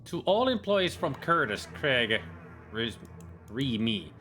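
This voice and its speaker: A man reads game texts and jokes aloud for his let's play, casual and mocking. His pitch swings lively through every line, and a faint hiss sits under the voice. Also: slow. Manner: casual, mocking, with fillers and slips. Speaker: let's player. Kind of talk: gaming commentary, reading texts and jokes aloud.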